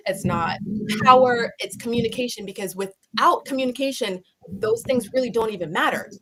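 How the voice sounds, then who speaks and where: A woman guest in an interview, talking in an animated, expressive way and laughing easily. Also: a little high. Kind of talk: interview conversation.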